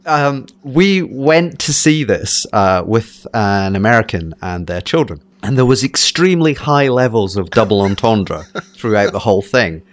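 Low-voiced man, half-Scottish half-English accent. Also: animated, a little slow, few pauses, dry recording. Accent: mixed Scottish and English. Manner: rambling, hesitant with many fillers and restarts. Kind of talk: casual chat.

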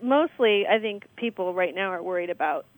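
A woman's voice: mid-range voice, animated, normal speed, no room sound, low-quality recording. A woman guest on a podcast, reading listener questions and chatting playfully. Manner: playful, laughs easily. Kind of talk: casual podcast chat.

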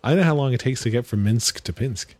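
A man joining a casual movie commentary as a guest, making deadpan puns on a close mic. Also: mid-range voice, brisk, no room sound. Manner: deadpan punning jokes.

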